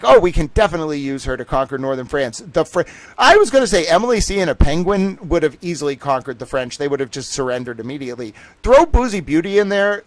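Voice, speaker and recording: Profane, excitable young streamer. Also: male voice, fairly high pitch, dry recording. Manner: profane, joking, excitable, laughs often. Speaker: livestream host. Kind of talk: rambling livestream monologue.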